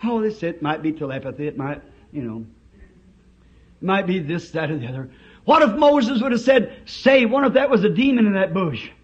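A man with a Southern US accent preaching an old-time revival sermon in a church, swinging from shouts to hushed asides. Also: sits high, expressive, brisk. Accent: Southern United States. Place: church service. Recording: dull lo-fi sermon tape.

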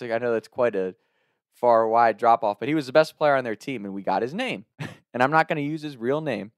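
A man's voice: mid-range voice, clean tone, no room sound, clean studio sound. A man from Northern Kentucky telling a story in a loose, casual way, laughing often and swearing freely.

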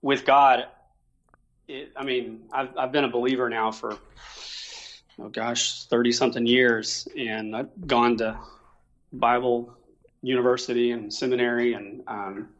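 Halting middle-aged missionary man, lo-fi. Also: medium pitch, level tone, a bit bright. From Oklahoma, USA. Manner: halting, many restarts and fillers. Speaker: Christian missionary. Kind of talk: casual conversation. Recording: dull lo-fi sound.

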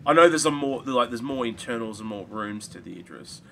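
A man chatting casually about a video game, rambling and animated, swearing now and then. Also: mid-range voice, brisk, gravelly. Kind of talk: casual gaming chat.

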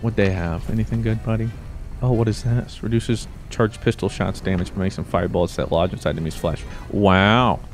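A man commentating his own gameplay as a video host, joking around and breaking into sudden high yelps. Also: fast talker, darkish tone, faint music behind. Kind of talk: let's play commentary.

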